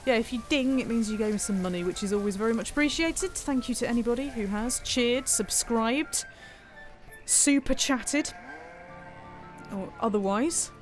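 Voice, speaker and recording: Faint music sits behind a slightly high female voice moving at a normal speed. She streams a city-building game live, playfully chatting, expressing thanks to viewers, and narrating to herself along the way.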